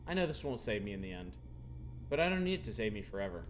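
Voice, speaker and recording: A man's voice: on the low side, very animated, quick pace, soft background music. A man reading as a weary young cat woman. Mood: brooding. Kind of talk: game dialogue read aloud.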